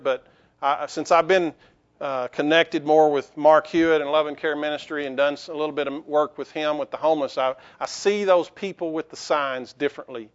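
A man's voice: on the high side, highs cut off. A man pastor preaching a sermon in a conversational way, with restarts and rhetorical questions to the congregation.

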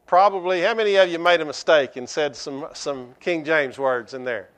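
A man preaching a sermon as pastor, with halting restarts and fillers, slowing down to read scripture. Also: a little high, fairly bright tone. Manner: slows to a measured pace when reading scripture aloud.

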